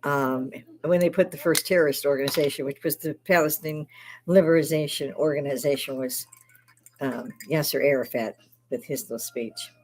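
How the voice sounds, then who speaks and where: A woman's voice: sits low, moderate pace, darkish tone. An older woman hosting a casual livestream from her bar, swearing freely and breaking into laughs often. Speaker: livestream host.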